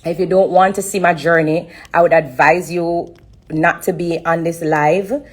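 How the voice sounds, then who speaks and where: A low-pitched woman speaks on a live stream, her voice husky and slightly breathy. She talks in halting, emotional bursts, repeating phrases and pausing often as she gives a personal testimony. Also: fairly even intonation.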